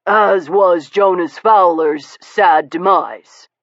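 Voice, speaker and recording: Woman doing a suave courtly gentleman, measured and polite, dull lo-fi sound, dry. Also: on the low side, no echo. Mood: smoothly polite. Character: suavely polite male visitor, calmly needling. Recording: dull lo-fi audiobook recording.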